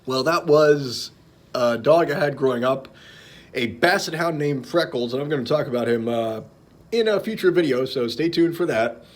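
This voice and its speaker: A young man talking casually on his vlog, telling jokes with lots of fillers and restarts. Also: medium pitch. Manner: halting, many fillers and restarts, chuckles at own jokes. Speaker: vlogger.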